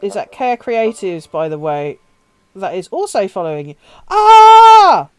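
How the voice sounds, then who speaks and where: A woman's voice: lowish voice, lively intonation, normal speed, warm tone, soft background music. A woman live-streaming a game, chatting casually with her viewers, swearing freely and laughing often. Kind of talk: casual live-stream chat while playing.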